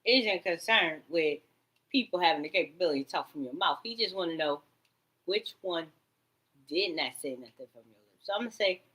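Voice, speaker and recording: A woman vlogging in a rambling monologue, swinging between loud outbursts and low mutters, and swearing freely. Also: lively intonation, a little fast, rough recording.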